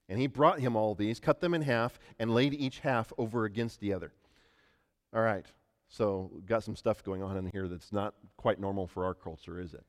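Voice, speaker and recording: A man's voice: fairly low pitch, normal speed. A man preaching a sermon to a congregation, talking through scripture in a conversational way and asking them questions. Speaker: pastor. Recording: long hall reverb.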